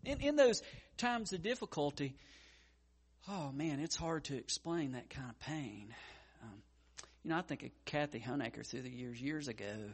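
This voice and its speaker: A male pastor preaching a sermon, with frequent stammered restarts and wide swings between loud urgency and hushed tenderness. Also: medium pitch, husky.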